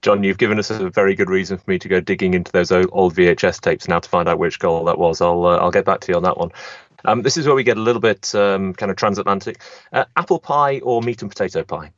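A low-voiced, quick-talking man from England leading a podcast interview with a chatty, self-deprecating manner. His audio is dry and slightly dull, as if over a call. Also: dry recording. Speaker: podcast host. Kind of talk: hosting an interview.

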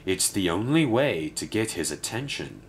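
A man's voice: sits low, sing-song, normal speed, slight background noise. A man voicing a resentful male diesel engine who mutters as he stirs up the others. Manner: muttering, grudging. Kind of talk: storybook narration.

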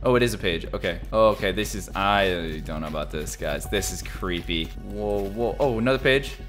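A man's voice: animated, normal speed, soft background music. Jumpy young man calling a horror game. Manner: jumpy, yelps and shouts at scares, then mutters low. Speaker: gaming video host. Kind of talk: excited gameplay commentary.

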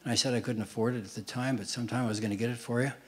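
An older man doing stand-up on stage, telling quick deadpan one-liners to a live audience. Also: medium pitch. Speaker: stand-up comedian. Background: audience laughter.

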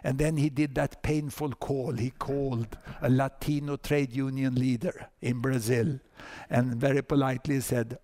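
A man in his sixties with a Swedish accent, lecturing at a conference and telling a story with lively asides and repeated words. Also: medium pitch, normal speed. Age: 60s. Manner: animated storyteller, frequent "huh?" and "you know" asides, repeats words. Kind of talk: conference talk. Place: conference hall with audience.

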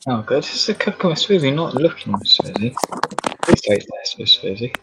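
A man's voice: medium pitch, very animated, moderate pace, very noisy. A man co-hosting a casual cooking vlog, teasing and laughing along with his partner. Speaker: co-host. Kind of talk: casual chat.

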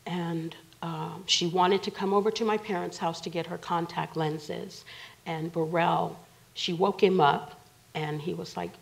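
A woman's voice: fairly low pitch, fairly even intonation, a little slow, vocal fry, low-quality recording. A woman, a guest mother, recounting a personal story in a TV interview in a casual, vivid way.

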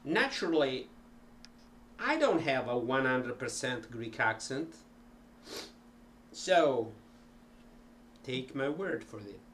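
A man teaching languages in an unhurried, hesitant way, demonstrating phrases aloud. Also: medium pitch, very animated, fairly bright tone, slight background noise. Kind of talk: informal language lesson.

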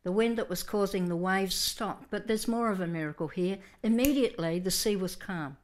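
Woman preaching a lively sermon. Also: medium pitch, moderate pace. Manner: storytelling, vivid and animated, with restarts. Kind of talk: Sunday sermon.

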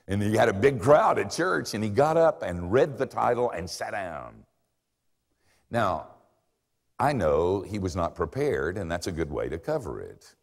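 An older man preaching a sermon with dramatic swings in pitch and volume and wry, self-mocking humor. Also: sing-song, moderate pace. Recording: long hall reverb.

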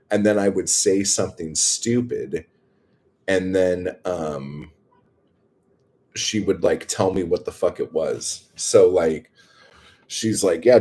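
A man's voice: sits low, darkish tone, slightly rough. A man chatting casually to viewers, telling rambling stories full of swearing. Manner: profane, rambling storytelling. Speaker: streamer.

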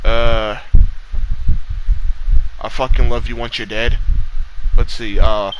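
Young male vlogger, tired, profane, rambling, mid-pitched voice, clear background hiss on the recording. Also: little pitch movement, takes it slowly, a bit bright, poor audio. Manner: profane, trash-talking, rambling with many fillers. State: tired, late at night. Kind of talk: casual rambling monologue.

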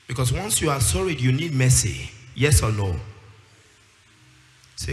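A man's voice: mid-range voice, sing-song, unhurried, pauses often. A man preaching a sermon with emphasis, acting out the voices of the people he quotes and rising into a sing-song delivery. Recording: echoey hall with music behind.

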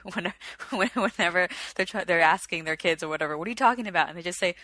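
A chatty woman co-hosting a podcast, retelling a story at length in a casual way. Her voice is bright and slightly low. The recording is dry and close. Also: fast, no echo. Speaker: podcast co-host. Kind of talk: casual chat.

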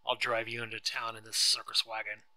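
A domineering, sneering husband who barks his lines, played by a man reading aloud. The voice is very bright and forceful. The recording is dry and close. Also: lowish voice, completely flat delivery, brisk, no room sound, rough recording. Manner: loud, barking, sneering. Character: angry, domineering rich husband.

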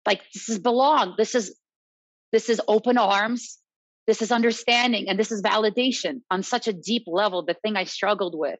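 A woman who teaches salsa, telling stories in a casual, animated chat and often checking in with "right?". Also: medium pitch, normal speed, long pauses, no room sound. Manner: animated, quotes others, tag questions "right?". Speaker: salsa dance instructor, guest. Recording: dull lo-fi dry recording.

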